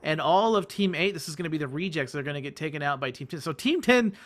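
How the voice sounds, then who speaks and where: A man doing live play-by-play commentary on an esports match, rapid and excitable, often correcting himself. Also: a little high. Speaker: esports caster.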